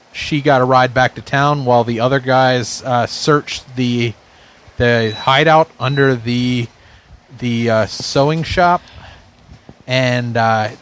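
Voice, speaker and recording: Male player, slow halting recap delivery, smooth resonant tone. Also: medium pitch. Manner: halting, lots of fillers. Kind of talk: recapping a game session.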